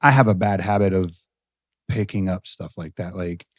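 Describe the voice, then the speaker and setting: A man's voice: sits low, moderate pace, no echo, studio quality. A man with a Southern US accent co-hosting a podcast, talking in a blunt, profane, laid-back way. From Colorado-born, raised in the US South. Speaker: podcast co-host. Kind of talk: casual podcast chat.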